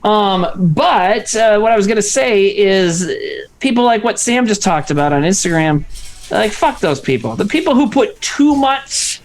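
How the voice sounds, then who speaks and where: A man co-hosting a casual live stream, his voice leaping up and down as he jokes and swears. He talks in an animated, offhand way, heard through a video call. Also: sits high, moderate pace. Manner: animated, profane and joking. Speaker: podcast co-host. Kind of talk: casual livestream chat.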